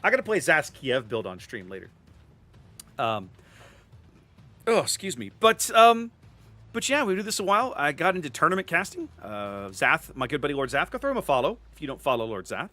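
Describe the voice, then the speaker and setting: Lively bright-voiced man streaming a game. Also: on the high side, a little fast. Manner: chatty, repeats words while thinking. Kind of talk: casual live-stream commentary.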